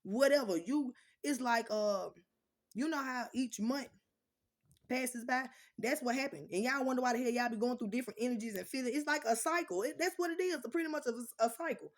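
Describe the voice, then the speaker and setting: A woman's voice: on the high side, brisk. Blunt, cussing woman ranting to viewers. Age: adult with children. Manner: blunt, profane, animated storytelling. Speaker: vlogger. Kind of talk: casual chat to viewers.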